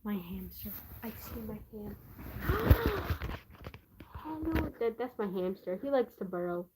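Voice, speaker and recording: A teenage girl casually telling childhood stories, rambling and halting with many fillers and restarts, often giggling. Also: medium pitch, expressive, noisy background. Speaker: vlogger. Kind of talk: casual storytelling.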